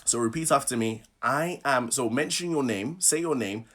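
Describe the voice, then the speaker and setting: Guy running a public speaking session online, lively, laughs a lot, keeps telling u to say it out loud. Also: mid-range voice, brisk. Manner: energetic, laughs often, coaxes listeners to repeat affirmations. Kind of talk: live online workshop talk.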